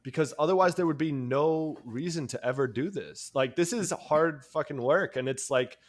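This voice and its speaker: A man's voice: fairly high pitch, moderate pace. A man from New York with a New York accent, co-hosting a casual podcast chat and telling a long story in a rambling way, with casual swearing and frequent laughs. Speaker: podcast co-host.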